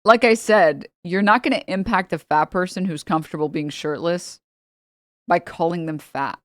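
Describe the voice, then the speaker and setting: A woman's voice: on the low side, normal speed, a bit bright, no echo, studio quality. A woman streamer chatting casually and mocking her subject with sarcasm. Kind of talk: casual chat.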